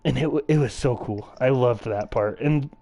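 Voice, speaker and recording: Streamer dude rambling while gaming, swears a ton, says like every other word, normal middle pitch. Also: male voice, moderate pace, mellow. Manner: rambling, heavy swearing, lots of filler "like". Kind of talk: casual chat while gaming.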